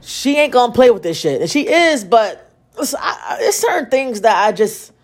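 Profane, animated young woman storyteller. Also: a little high, normal speed. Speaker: podcast host. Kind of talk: casual solo storytelling.

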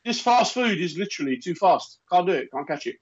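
A man chatting casually, riffing on absurd comic rants with a deadpan delivery. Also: high-pitched, fairly quick, breathy edge. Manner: deadpan rambling jokes, repeats lines. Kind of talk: casual comedic chat. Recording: dull lo-fi sound.

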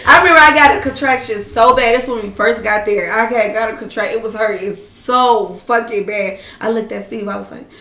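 A woman's voice: fairly high pitch, fairly quick, hardly any pauses, bright, forceful tone, a little hiss or hum. A young woman telling an emphatic story in casual chat. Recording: echoey room.

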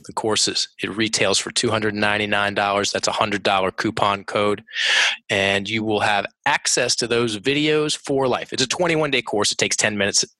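A man's voice: fairly low pitch, fairly even intonation, normal speed, sharp tone, no echo. A man as a podcast guest, talking enthusiastically and emphatically about his work. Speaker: podcast guest, course creator. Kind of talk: casual interview chat.

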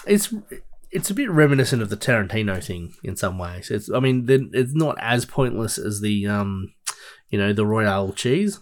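A man's voice: fairly low pitch, big pitch swings, moderate pace. A man co-hosting a podcast, recapping a film in rambling casual chat full of fillers and restarts. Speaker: podcast co-host.

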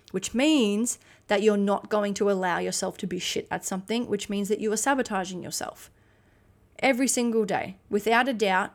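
A woman giving a blunt motivational monologue as a podcast host, swearing freely and restarting sentences. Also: medium pitch. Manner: acts out quoted voices in animated bursts.

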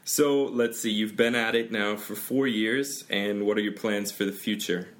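A man with an American accent and a fairly low voice hosts a bilingual podcast lesson at a normal speed, teaching pronunciation. He chats easily, laughs often, and switches between English and Korean as he explains.

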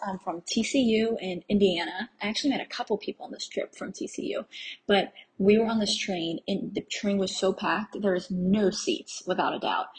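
A young American woman talks through her trip in a casual, rambling way, at a medium pitch. She laughs at her own slips and drifts between stories. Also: rough recording. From USA. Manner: chatty and rambling, laughing at herself. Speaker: travel podcast host. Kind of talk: casual travel recap.

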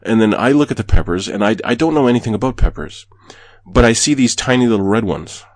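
Laid-back low-voiced man telling a story. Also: expressive, fast, no echo. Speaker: podcast co-host. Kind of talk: casual chat.

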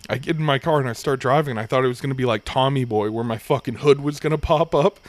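A young adult man hosting a podcast, telling a long, rambling story full of profanity in a relaxed, casual chat. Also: medium pitch, quick pace, no room sound. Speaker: podcast host.

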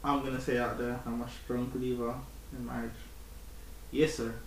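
A man, co-hosting a podcast, earnest and animated as he builds up his points. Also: medium pitch, normal speed. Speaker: podcast co-host. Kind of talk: casual chat. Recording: roomy distant mic, faint noise.

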